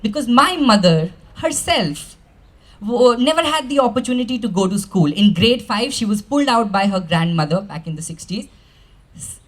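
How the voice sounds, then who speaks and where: A man's voice: sits high, expressive, moderate pace, fairly bright tone. A man, a life skills coach, giving a motivational stage talk and telling stories animatedly, acting out the voices he quotes.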